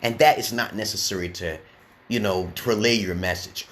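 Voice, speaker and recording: A man's voice: fairly low pitch, lively intonation, moderate pace, a bit bright. A man streaming casually as an online English teacher, who rambles and lectures, tags his sentences with "okay?" and answers viewer comments.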